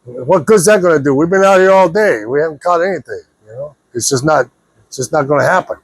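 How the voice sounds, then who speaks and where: A man voicing frustrated, doubtful fishermen who have caught nothing all day, in a husky, slightly raised voice. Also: fairly high pitch, expressive, fast talker, no room sound.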